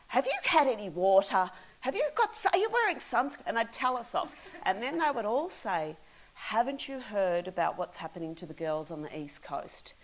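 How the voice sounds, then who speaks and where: A middle-aged Australian woman tells a story about her youth with lively energy. She speaks at an average pitch and breaks into laughter now and then. Her talk is loose and full of restarts. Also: rough recording. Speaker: author. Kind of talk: animated storytelling.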